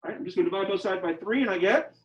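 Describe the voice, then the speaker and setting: A male teacher lecturing a classroom in an animated, joking manner. His delivery swings between quick asides and loud, emphatic pushes. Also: sits high, dull audio. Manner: animated, joking, rising to near-shouting. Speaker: high school geometry teacher.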